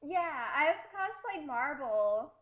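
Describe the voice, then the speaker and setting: A woman with a high voice runs a casual interview. She is eager and giggly, reacting warmly and excitedly to each answer before asking the next question. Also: slow pace, lo-fi sound. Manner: enthusiastic, giggly.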